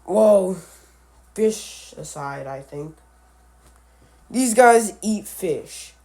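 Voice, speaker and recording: A man giving casual commentary on animal matchups, halting and often correcting himself, with offhand musing asides. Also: high voice, expressive, dark tone. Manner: halting, with frequent restarts and self-corrections. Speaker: animal video creator.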